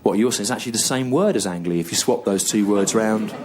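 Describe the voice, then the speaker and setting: Slow deadpan English comedian, low voice. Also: male voice. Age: 30s. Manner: slow, halting deadpan delivery with long pauses and repetition. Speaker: stand-up comedian. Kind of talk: deadpan stand-up storytelling. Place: comedy venue on stage with audience laughter.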